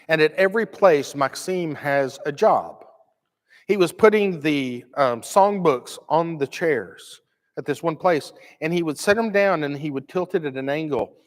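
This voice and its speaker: A man from the United States preaching a sermon, telling a story with animated delivery and acting out the quotes. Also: fairly high pitch, moderate pace. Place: church. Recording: long reverb of a church hall.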